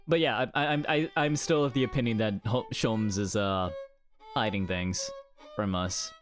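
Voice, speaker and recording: A man's voice: lowish voice, moderate pace, soft background music. A man casually commenting while playing a game, rambling with lots of fillers and restarts.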